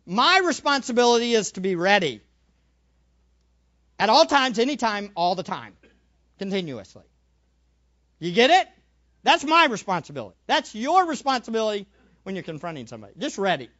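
A male preacher giving a sermon, animated, acting out little scenes and repeating phrases for emphasis. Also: high voice, moderate pace, pauses often, lo-fi sound.

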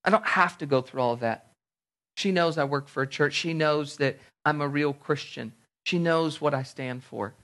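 A man preaching a sermon, animated, acting out little everyday scenes in different voices. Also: on the high side, moderate pace. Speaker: pastor.

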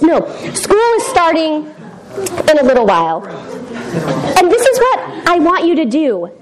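A woman's voice: high voice, darkish tone, low-quality recording. A woman giving an informal youth group devotional in a chatty, self-deprecating way, often laughing.

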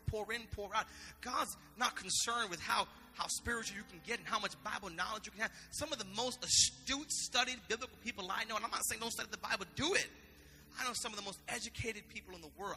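A man's voice: high voice, bright, forceful tone, in a large hall. A man preaching a sermon in an impassioned, conversational way, often repeating himself. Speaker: pastor.

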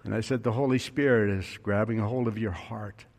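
A man's voice: lowish voice, fairly even intonation, a little fast, gravelly, darkish tone, long reverb tail. A male pastor telling a story in a sermon, his voice rising and falling with emphasis.

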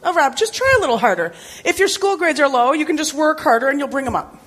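A woman's voice: high-pitched, lively intonation, fast, a bit bright. A woman playing an exasperated, sarcastic mother in a church skit. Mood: scolding.

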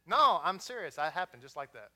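A man's voice: sits high, bright, forceful tone. A man with a Texan accent preaching a sermon in a conversational way, with joking asides. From Texas.

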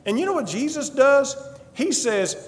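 A male preacher tells a Bible story in the first person, dramatic and emphatic, repeating a refrain. His high voice swoops widely in a sing-song way at a moderate pace, and the church adds a long reverberant tail to each line.

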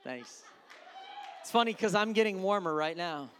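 A middle-aged male pastor preaching a sermon in a church, animated and acting out voices, swinging from loud to hushed. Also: high voice, moderate pace, clear, resonant tone. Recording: reverberant hall.

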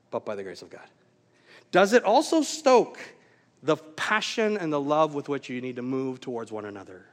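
A man preaching a sermon as pastor, earnest and driving, with many rhetorical questions. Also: a little high. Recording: hall reverb.

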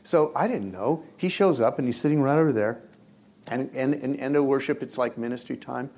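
A man preaching in a church, telling a story in an animated way and swinging from loud excitement to hushed near-whispers. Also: mid-range voice, a little fast. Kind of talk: storytelling sermon.

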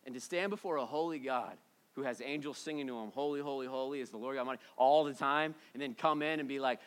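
A man preaching a sermon in a church, casual and joking, swinging between loud bursts and hushed moments. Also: medium pitch, fast, smooth. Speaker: pastor.

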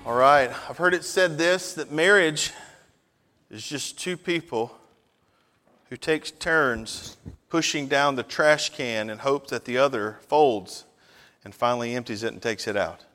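A male pastor delivers a folksy, conversational sermon in a worship hall. His voice sits at a middling pitch and trails a long reverb through the room. He checks in with his listeners as he goes. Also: unhurried, sharp tone. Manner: folksy, conversational, asks the congregation. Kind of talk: sermon with jokes.

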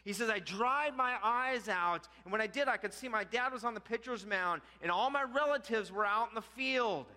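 A man preaching a sermon, telling a story with animated acted-out quotes. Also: high-pitched, normal speed, few pauses. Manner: animated, acts out quotes with rising voice. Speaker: pastor. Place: church sanctuary. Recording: church hall reverb.

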